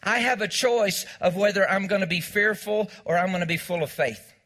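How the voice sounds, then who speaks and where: A man's voice: sits high, normal speed, fairly bright tone. A male pastor preaching a sermon, repeating key lines and calling on the congregation to say them back. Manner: call-and-response preaching, repeats lines, has congregation echo. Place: church.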